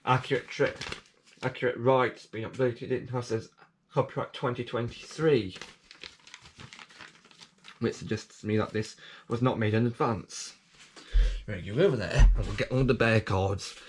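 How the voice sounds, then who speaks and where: A man talking through a casual unboxing vlog at a middling pitch, hesitant and rambling with plenty of ums and false starts. He sounds like he is still getting over a cough. Faint crinkling of packaging and clicks sit behind him. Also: moderate pace, pauses often, a little hiss or hum. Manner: rambling, hesitant, many fillers and restarts. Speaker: vlogger.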